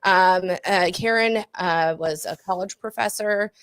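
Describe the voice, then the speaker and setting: A woman's voice: lowish voice, a little slow, fairly bright tone, clean tone, no echo. A woman on a casual podcast, rambling through a story with lots of ums and little laughs. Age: adult parent.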